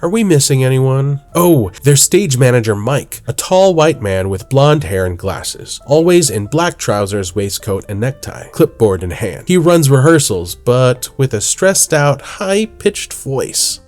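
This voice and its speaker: A man reading scripted audio description of characters and costumes, animated in delivery. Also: medium pitch, measured pace, few pauses, faint music behind.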